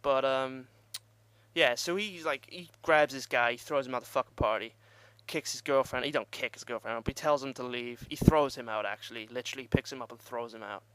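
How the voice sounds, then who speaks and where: A man's voice: mid-range voice, fairly quick, a bit bright, clear, resonant tone, dry recording. A young man telling a rambling, profane party story in casual vlog style and laughing at himself. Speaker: vlogger.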